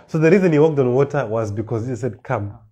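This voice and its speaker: The recording is muffled as a man with a mid-range, mellow, husky voice and lively intonation preaches. He reads verses slowly, then explains them with rising emphasis and repeated words.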